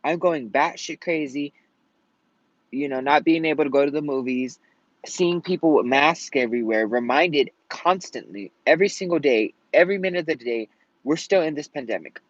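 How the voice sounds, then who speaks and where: A frustrated man rambles to camera in a slightly high, lively voice, swearing freely as he vents. The sound is dry and close, with a dull, lo-fi quality. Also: normal speed, no room sound. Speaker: vlogger. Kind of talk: casual rant to camera. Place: at home in Colorado.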